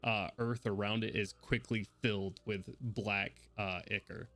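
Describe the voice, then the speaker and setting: A man running a tabletop game as game master, brisk and orderly as he calls turns and rolls. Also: fairly low pitch, steady tone, noisy background.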